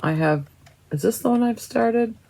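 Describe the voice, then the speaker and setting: A woman's voice: a little high, animated, normal speed, vocal fry, mellow, slight background noise, rough recording. A woman casually showing her cross stitch chart books to viewers, chatty and admiring, thinking aloud as she flips pages. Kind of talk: casual show-and-tell of craft books.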